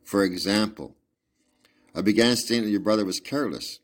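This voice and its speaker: A man reading aloud as a brilliant, precise Victorian male detective, in a measured, lecturing manner. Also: lowish voice, natural voice. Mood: explaining. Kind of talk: audiobook reading with asides.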